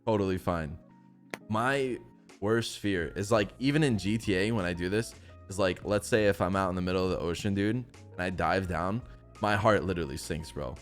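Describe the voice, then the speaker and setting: Young guy, low voice, casual and profane co-chatter; faint music behind. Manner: slangy and profane, reacting with quick interjections. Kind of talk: casual chat.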